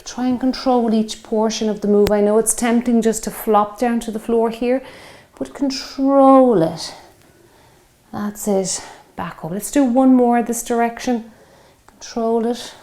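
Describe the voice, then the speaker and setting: A woman's voice: on the high side, steady tone, unhurried, mellow. Encouraging woman coaching a workout. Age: 50s. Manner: encouraging, coaching while exercising. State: out of breath. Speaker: fitness instructor. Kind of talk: guided workout instruction. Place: home workout space.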